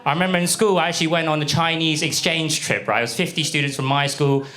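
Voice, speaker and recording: A young man from the UK performing a stand-up comedy set, delivering deadpan punchlines and slipping into put-on voices for characters. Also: a little high, fast talker. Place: comedy club stage with a laughing audience. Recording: live club recording with crowd laughter.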